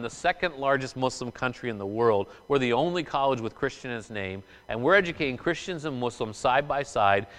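A man's voice: mid-range voice, fairly bright tone. A man who was a pastor for many years, giving a sermon in a conversational way, with many fillers and restarts. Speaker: former pastor, college representative. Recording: hall reverb.

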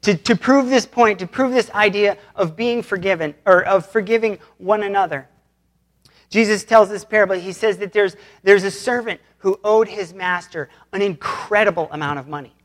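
A pastor delivers a relaxed, conversational sermon at a middle pitch. The pastor retells an old parable in plain, modern words and speaks directly to the congregation. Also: normal speed. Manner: plainspoken, retells scripture in everyday terms.

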